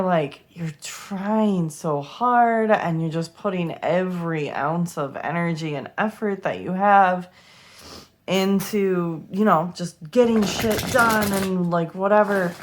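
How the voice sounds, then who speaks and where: A young woman giving a tarot reading to camera, emotional and close to tears, swearing freely as she talks. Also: fairly low pitch. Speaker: tarot reader.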